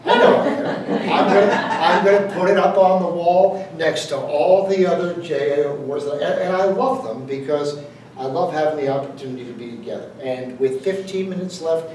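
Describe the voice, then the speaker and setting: A man's voice: fairly high pitch, moderate pace, darkish tone, slight background noise. A man giving a jokey, conversational motivational speech to a live audience, quizzing the crowd as he goes. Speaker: motivational speaker. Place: event hall with audience. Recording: echoey room, distant mic.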